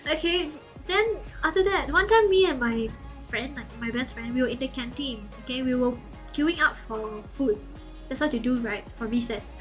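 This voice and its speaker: A young woman chats to her stream in a high, bright-toned voice. She is animated and giggly and keeps checking in with okay and like. Soft music plays faintly behind her. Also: moderate pace. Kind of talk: casual storytelling to chat.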